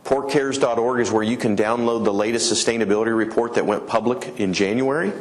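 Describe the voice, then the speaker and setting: Conference speaker: middle-aged man from colorado, lively storyteller, talks to the crowd on a stage mic. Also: brisk. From Colorado, USA. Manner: animated storyteller, acts out quoted customers with raised pitch. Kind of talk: energetic conference talk. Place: conference hall.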